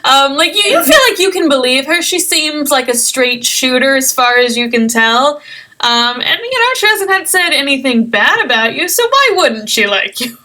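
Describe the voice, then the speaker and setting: A woman's voice: high-pitched, sing-song, normal speed, bright, forceful tone. A young woman narrating a tabletop game as game master, chatty, with many ums and giggles.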